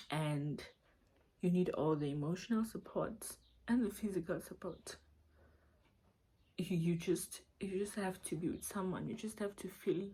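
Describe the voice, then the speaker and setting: A woman's voice: fairly low pitch, a little mellow, breathy edge. A young South African woman with a Zulu accent, speaking English as a second language in a confiding, emotional vlog while holding back tears. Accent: South African, Zulu-mixed English. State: near tears. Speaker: vlogger. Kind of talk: casual storytime vlog.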